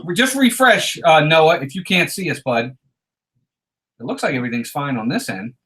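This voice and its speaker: A man's voice: fairly high pitch, animated, moderate pace, fairly bright tone. A man co-hosting a casual live stream, joking around and greeting viewers by name.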